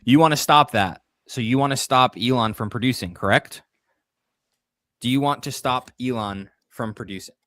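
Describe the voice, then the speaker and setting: A man co-hosting a casual political call-in show, giving animated opinions and laughing often. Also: mid-range voice, moderate pace, no echo, clean studio sound. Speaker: co-host.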